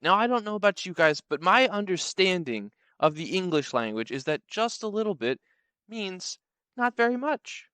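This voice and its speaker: Animated man telling a comedy story. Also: sits high, normal speed, clean tone, no room sound. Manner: animated, sarcastic, playful.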